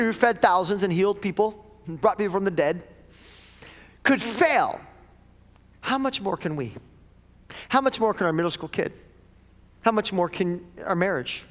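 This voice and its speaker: A man preaching a sermon as lead pastor, dramatic, dropping to near-whispers then rising loud. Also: high voice. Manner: dramatic, swings from hushed to loud. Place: church auditorium. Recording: echoey church hall.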